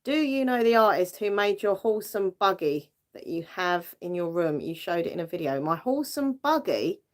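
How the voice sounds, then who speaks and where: At a moderate pace, a British woman with a fairly low voice and big pitch swings chats with her livestream viewers. The talk is casual and giggly, full of fillers.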